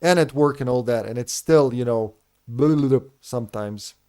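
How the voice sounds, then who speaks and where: A man's voice: mid-range voice, moderate pace, warm tone. A man in his thirties, a game streamer whose first language is not English, chatting candidly with his live viewers and addressing them by name. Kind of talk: casual chat with live viewers.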